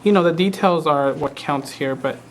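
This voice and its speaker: A man teaching a craft project on a live stream, talking in a relaxed, hesitant way and often repeating words. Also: on the high side, moderate pace, a little hiss or hum. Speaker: craft instructor. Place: studio.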